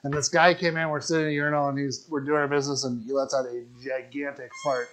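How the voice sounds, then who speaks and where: A man's voice: medium pitch, level tone, quick pace, a bit bright, rough recording. A man co-hosting a casual cooking podcast at home, telling jokes and laughing often. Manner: joking storyteller, laughs often. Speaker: podcast co-host. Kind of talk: casual chat while cooking. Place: home kitchen.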